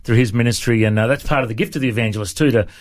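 A man hosting a radio interview in a friendly, teasing manner. His voice sits at an ordinary middle pitch. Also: very fast. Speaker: radio host.

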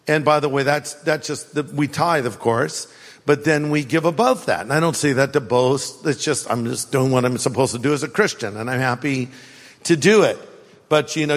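A man's voice: a little high, in a large hall. An older man and grandfather preaching a sermon as a pastor, telling stories with animation, dry sarcasm and emphatic repetition.

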